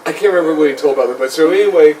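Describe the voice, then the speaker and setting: A man's voice: fairly high pitch, racing, mellow. Rambling young man telling a ghost story. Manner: rambling, lots of "like". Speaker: podcast host. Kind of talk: casual comedic storytelling. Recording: slightly distant mic, faint noise.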